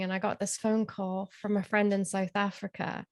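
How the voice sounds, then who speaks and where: A woman's voice: medium pitch, little pitch movement, moderate pace, dry recording, studio quality. A woman guest telling a personal story of grief in a candid, reflective way. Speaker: interview guest.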